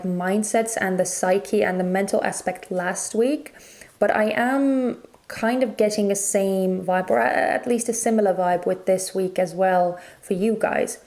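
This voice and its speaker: A woman with a medium-pitched, somewhat dark voice gives a casual spoken tarot reading. She muses and hesitates, filling her speech with fillers and restarts, and her throat sounds a little strained.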